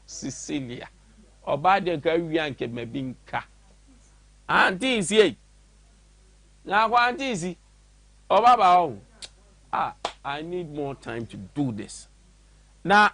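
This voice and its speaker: A man's voice: fairly high pitch, pushed and bright, dry recording. A man with a Ghanaian accent hosting a radio show, reading a letter aloud and interjecting with mocking commentary. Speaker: radio host. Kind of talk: commentary mixing English and Twi. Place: radio studio.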